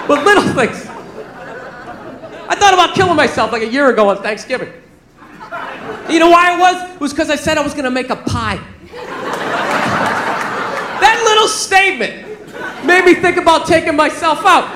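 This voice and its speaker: Loud high-voiced Southern comedian on stage. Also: male voice, expressive, normal speed, long pauses, a crowd in the background, background noise. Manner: loud, exasperated storytelling with rants. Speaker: stand-up comedian. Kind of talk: stand-up routine. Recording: echoey club with audience laughter. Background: audience laughing.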